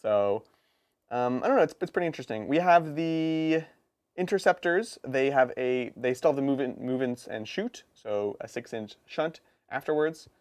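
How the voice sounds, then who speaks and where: Chatty man with a lively voice. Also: medium pitch. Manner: lively, chatty, quick asides and laughs. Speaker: co-host of a tabletop gaming stream. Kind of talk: casual live-stream chat.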